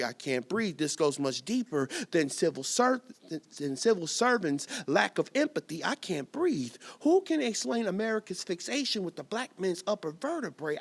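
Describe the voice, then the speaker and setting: High-voiced man reciting spoken-word poetry. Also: sing-song, normal speed, hardly any pauses. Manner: rhythmic refrain, swings from whispers to loud emphasis. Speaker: poet reading at a live event. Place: performance venue.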